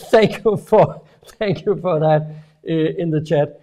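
A man's voice: a little high, warm tone. A man co-hosting a business webinar over a video call, talking with many restarts and fillers. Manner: halting, many restarts, laughs easily. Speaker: webinar co-host.

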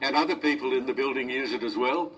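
A man's voice: medium pitch, quick pace, fairly bright tone. Indignant elderly male radio host. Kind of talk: talk radio. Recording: distant radio recording with faint noise.

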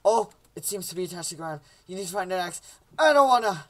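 A man's voice: sits high, steady tone, racing, a little mellow. A young man casually commentating a game he plays at home, joking around and doing silly voices for the characters. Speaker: gameplay commentator.

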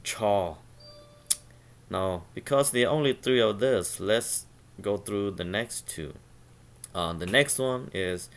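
Guy doing a slow pronunciation lesson, sounds out each syllable, smooth clear voice. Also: on the low side, lively intonation. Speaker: language teacher.

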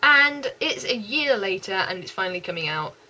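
A young woman with a West Country English accent, chatting excitedly and gushing in repeats as an anime vlogger. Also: medium pitch, normal speed, a little hiss or hum, poor audio. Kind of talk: casual chat.

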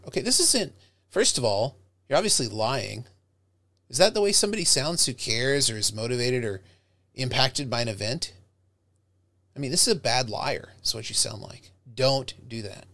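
A middle-aged professor lecturing his students on public speaking, lively and direct, sometimes acting out the flat or heartfelt tones he wants them to avoid or use. His voice is bright and forceful, close to the mic in a dry room with no echo. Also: medium pitch, normal speed.

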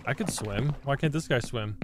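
A man's voice: mid-range voice, moderate pace, music in the background. A man playing a game on a casual co-hosted show, swearing and reacting to what happens on screen. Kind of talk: casual gaming chat. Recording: loud background noise.

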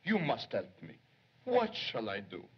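An actor playing an eager, excitable young male police secretary who gets flustered and theatrical, in 1930s film acting. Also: lowish voice, a little slow, husky, exaggerated voice. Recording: dull lo-fi 1930s film soundtrack.

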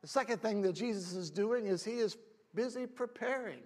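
Male pastor preaching, really high voice, gets loud then goes soft. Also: moderate pace. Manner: passionate preaching that swings from loud shouts to quiet talk. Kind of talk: sermon. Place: church.

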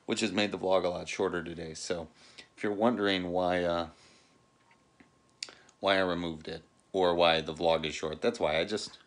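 A man's voice: low voice, fairly even intonation, normal speed. A middle-aged man talking casually to camera as a family vlogger, joking one moment and earnest the next. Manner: joking, turning earnest and reflective. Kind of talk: casual vlog chat.

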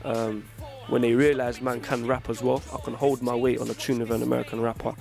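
A man's voice: medium pitch, little pitch movement, brisk, vocal fry, darkish tone, faint music behind. A young man from England, a rapper chatting casually in an interview, full of street slang and "you know what I'm saying". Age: young adult.

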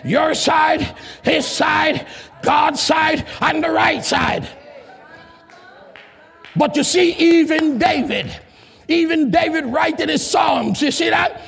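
Speaking slowly and pausing often, a very high-pitched pastor with vocal fry shouts questions to his congregation call-and-response style, his grammar non-native. Soft background music and a faint crowd fill the large church hall, where a long reverb hangs and the congregation stays faint.

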